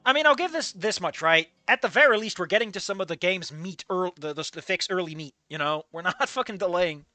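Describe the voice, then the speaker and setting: Casual game commentary, profane excitable streamer, bright lively voice, dry sound, faint music. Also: mid-range voice, a little fast, no echo. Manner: profane, giggly, excitable outbursts. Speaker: let's play streamer.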